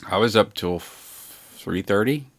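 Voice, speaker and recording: Slow, deep-voiced man chatting to his stream. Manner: rambling and laid-back, swears casually, reads chat aloud. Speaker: livestream host. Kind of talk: casual livestream chat with viewers. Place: home studio.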